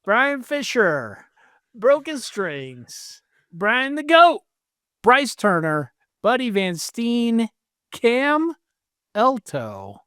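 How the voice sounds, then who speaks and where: Podcast host, unhurried deadpan name-reader, smooth clear tone. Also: mid-range voice, no echo, clean studio sound. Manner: playful, deadpan jokes between names. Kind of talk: casual comedic chat, reading supporter names.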